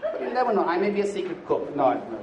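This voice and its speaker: A man preaching a sermon to a church congregation, animated and humorous, at times shouting, and calling his listeners "bro" in a casual way. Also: high-pitched, quick pace, muffled recording. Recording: echoey church hall with crowd and noise. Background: congregation answering.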